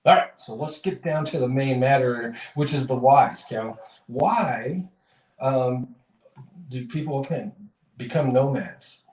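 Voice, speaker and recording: A man's voice: medium pitch, slow, darkish tone. A man hosting a podcast in casual chat, rambling and correcting himself as he tells stories. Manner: rambling, self-correcting, chuckling storyteller. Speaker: podcast host. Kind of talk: casual chat and joke telling. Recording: roomy, distant mic.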